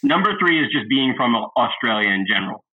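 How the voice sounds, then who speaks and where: Excitable man on a tinny line. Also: mid-range voice, fast. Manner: excitable, laughing at scenes he retells. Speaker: podcast host. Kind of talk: casual movie review chat. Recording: thin phone-like sound.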